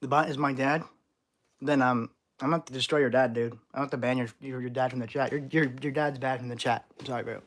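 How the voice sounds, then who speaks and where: A man's voice: mid-range voice, steady tone, quick pace. A man hosting a live stream, reading chat questions aloud with playful, jokey overreactions. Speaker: channel host.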